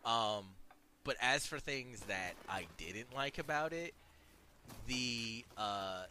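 A man talks through a movie in a loose, rambling way, stalling on fillers and restarts before landing on incredulous complaints. His voice sits at an ordinary middle pitch. A steady hiss of noise runs under the recording. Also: slow pace. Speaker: podcast co-host. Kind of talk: casual movie review chat. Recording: audible background noise.

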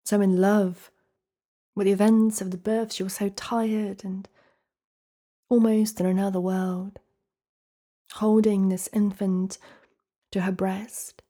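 A woman storyteller telling a folktale slowly and dramatically, often dropping to a hushed whisper. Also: mid-range voice, little pitch movement.

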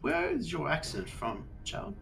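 A man's voice: a little high, wildly swooping pitch, a little slow, vocal fry, a bit bright, faint music behind, pitched above the performer's own voice, heavily acted. A man voicing a suspicious male noble lord who is polite but probing. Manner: prying, courteous then blunt.

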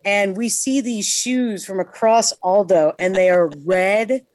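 A woman's voice: medium pitch, slow, a little mellow, no echo. A woman from New York, a guest on a talk show, telling casual stories bluntly and swearing freely. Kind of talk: casual storytelling chat.

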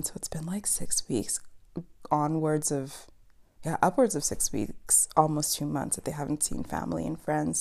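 A young woman from East Africa chats through a TV recap in a low, gravelly voice. She is talkative and animated, laughing often and filling pauses with ums. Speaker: podcast host. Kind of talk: casual chatty TV recap monologue.

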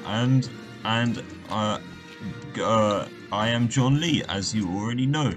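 A man's voice: on the low side, takes it slowly, music in the background. A man with a posh English accent hosting an improv chat, hesitant and full of fillers and restarts. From England. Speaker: host of an improv show. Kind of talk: casual chat.

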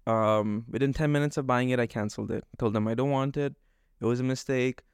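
Male podcast co-host, worked-up fast rant, dry close mic. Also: medium pitch, steady tone, clear, resonant tone, no room sound. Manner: agitated, fast ranting with quoted exchanges.

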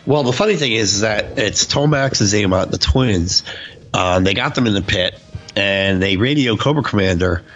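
A man's voice: lowish voice, expressive, moderate pace, a bit bright, muffled recording, soft background music. A man co-hosting a casual chat about comic books, animatedly acting out quotes in a raised voice. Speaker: podcast co-host.

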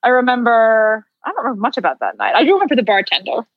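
A woman co-hosting a podcast in casual chat, speaking matter-of-factly and gently contradicting her friend. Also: on the high side, wildly swooping pitch, fast, dry recording, phone-quality sound. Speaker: co-host and office colleague.

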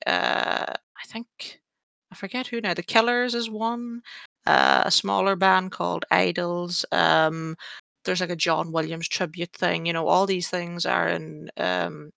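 Gravelly, chatty woman podcaster. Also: lowish voice, sharp tone, no echo. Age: early 30s. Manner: chatty, self-mocking, rambling with fillers. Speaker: podcast host. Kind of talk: casual chat.

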